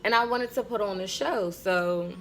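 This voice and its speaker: A woman telling a story in a casual vlog, animated and profane, laughing often. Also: medium pitch, moderate pace, slight background noise.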